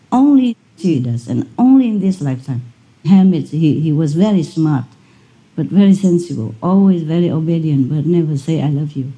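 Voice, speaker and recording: Very mellow, lowish woman lecturing. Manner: conversational storytelling, laughs often. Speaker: spiritual teacher. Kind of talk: lecture to an audience.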